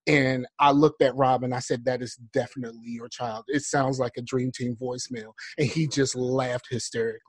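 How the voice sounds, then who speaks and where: A man co-hosting a podcast, telling a relaxed, rambling story among friends. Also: mid-range voice, a little fast, few pauses, husky, dry recording. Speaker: podcast co-host. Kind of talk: casual storytelling.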